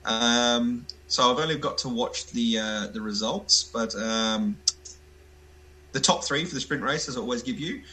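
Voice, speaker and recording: Male remote co-host, bright edgy voice, hesitant delivery. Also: mid-range voice, rough recording. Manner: halting, many ums and uhs. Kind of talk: casual chat. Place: calling in from far away.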